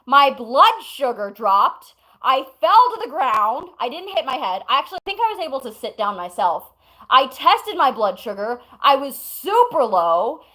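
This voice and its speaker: A woman's voice: high-pitched, very animated, a little slow, pushed and bright, poor audio. A woman streamer at home telling chat a long story in a casual, rambling way, breaking off to talk to chat and her pets.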